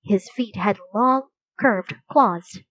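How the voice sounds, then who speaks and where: A woman reading a children's story aloud in a slow, clear, gentle storytelling way. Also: medium pitch, dry recording, poor audio. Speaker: storybook reader.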